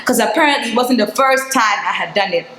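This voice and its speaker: A woman's voice: a little high, fast, bright, forceful tone, roomy sound, poor audio. A young woman from Nigeria telling a candid storytime to her vlog viewers, chatty and full of fillers. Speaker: vlogger. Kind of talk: casual storytime chat.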